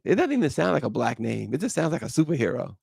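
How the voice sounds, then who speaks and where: Gravelly-voiced man hosting a morning show. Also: medium pitch, sing-song, quick pace, a little mellow, no echo, studio quality. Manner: joking, loose and rambling, laughs often. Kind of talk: casual live show chat, reading viewer comments.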